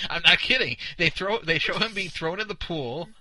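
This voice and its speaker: A sarcastic man riffing on a video as a podcast co-host. His voice is bright and forceful, recorded close and dry with no room sound. He mocks what he sees and laughs a lot. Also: sits high, very animated, takes it slowly, dry recording, poor audio. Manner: sarcastic, mocking, laughs often. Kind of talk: casual commentary on a video.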